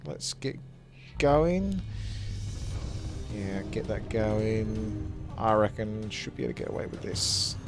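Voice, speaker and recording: A man's voice: lowish voice, lively intonation, takes it slowly, pauses often, music in the background. A man giving casual, chatty game commentary, thinking aloud as he plays. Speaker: gameplay commentator.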